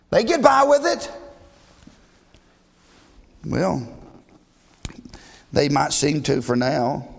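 A man's voice: a little high, gravelly, big-room sound. A man preaching a sermon in an emphatic, conversational way, often asking the congregation questions.

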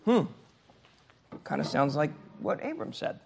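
A man's voice: fairly high pitch, expressive, unhurried, creaky, pauses often, darkish tone, slight background noise. A man teaching a Sunday school Bible class in a conversational way, often checking in with his listeners.

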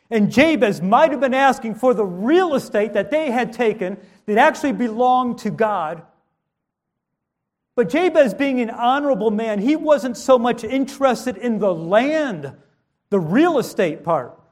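High-voiced man preaching emphatically. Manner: emphatic preaching, voice rising and dropping for stress. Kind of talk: sermon.

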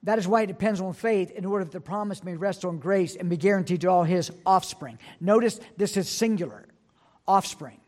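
A man pastor preaching an earnest sermon, reading scripture aloud and slowing down to stress key points. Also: high voice, a little mellow.

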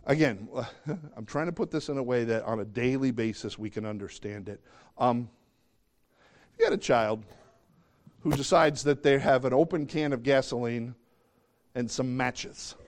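A middle-aged male pastor preaching a sermon in an animated way, often acting out the voices of the people he quotes. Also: mid-range voice, moderate pace, long pauses.

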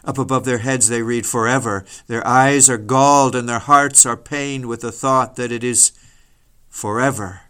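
A man preaching a solemn, dramatic sermon, mostly slow and grave with sudden rises in force. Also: medium pitch, fairly even intonation, bright, forceful tone, smooth. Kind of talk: sermon reading.

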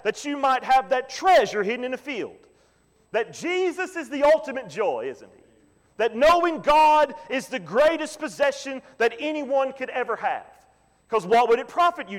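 A man preaching a Sunday sermon as pastor, often asking the congregation "Amen?" and repeating key lines slowly for emphasis. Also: sits high. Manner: preaching with call-and-response "Amen?" asides. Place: church sanctuary. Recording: long hall reverb.

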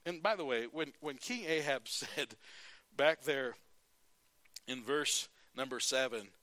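A man preaching a sermon, retelling a Bible story and acting out its characters in lively, conversational bursts. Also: medium pitch, takes it slowly, no room sound. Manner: animated, acts out the Bible characters in his retelling.

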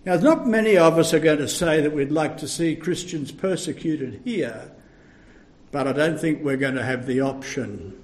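An older man preaching a sermon, slow and emphatic, with sudden loud bursts when he tells a story. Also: fairly high pitch, a little hiss or hum.

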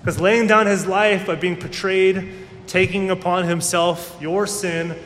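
A man preaching a sermon speaks at a measured pace with fairly even intonation and a somewhat bright voice. As a pastor he talks casually, acting out the people he quotes. The hall is echoey, with a faint rumble underneath.

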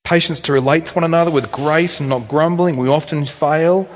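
A male pastor preaching a sermon in a church, telling stories in a chatty, animated way with offhand asides. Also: on the high side, fairly quick. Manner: animated storytelling, conversational asides. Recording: echoey hall reverb.

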